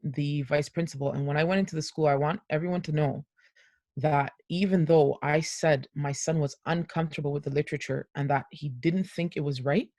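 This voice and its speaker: A woman's voice: sits low, steady tone, fairly quick, a little mellow, no room sound, clean studio sound. A middle-aged woman speaking earnestly as a parent on a panel discussion, over a video call. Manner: earnest, heartfelt.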